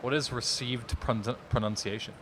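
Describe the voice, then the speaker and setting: A man's voice: medium pitch, fairly even intonation, normal speed. A young man, chatting casually with viewers while streaming a video game, laid-back with dry asides. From England. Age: young adult. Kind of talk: casual live-stream chat, reading and answering viewers. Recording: game noise in the background. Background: video game sounds.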